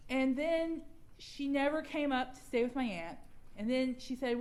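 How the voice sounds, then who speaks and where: A woman's voice: high-pitched, moderate pace. A young adult woman, candidly sharing her personal recovery story at a workshop and laughing at herself now and then. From Georgia, US.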